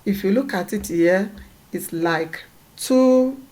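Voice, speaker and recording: A woman's voice: medium pitch, lively intonation, slow, darkish tone. A woman teaching a lesson, patiently repeating points and checking that her students follow. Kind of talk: classroom lesson.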